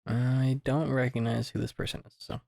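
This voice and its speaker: A man's voice: mid-range voice, level tone, normal speed, gravelly, darkish tone, dry recording, studio quality. A young man co-hosting a podcast, telling stories and teasing dryly in casual chat. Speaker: podcast co-host.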